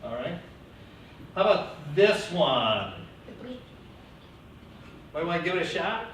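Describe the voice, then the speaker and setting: A man teaching a classroom lecture, lively and coaching his students. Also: fairly high pitch, slow pace. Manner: lively, coaching students through name pronunciation. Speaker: teacher educator. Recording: echoey classroom from far off, faint hiss.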